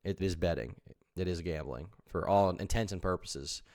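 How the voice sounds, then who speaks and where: A young man streaming, reacting to a podcast with rambling commentary and sudden loud outbursts. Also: sits low, moderate pace. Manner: rambling, repeats himself, sudden loud bursts.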